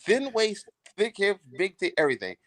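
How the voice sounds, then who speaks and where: Animated profane man telling a story. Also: high-pitched, normal speed, no room sound. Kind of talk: casual podcast storytelling.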